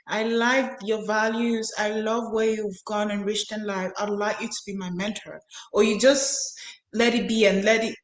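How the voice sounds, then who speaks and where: A woman's voice: mid-range voice, flat delivery, normal speed. A woman hosting a live-stream interview, politely asking practical follow-up questions. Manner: asks questions with practical framing, says sir politely. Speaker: podcast host. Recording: roomy echo.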